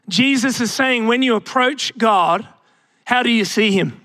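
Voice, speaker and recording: A young man preaches to his congregation, his voice sitting high for a man. He takes his time, leaning on rhetorical questions and calling the church to answer back. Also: a little slow, bright, forceful tone, no room sound, clean studio sound. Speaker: pastor. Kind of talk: sermon.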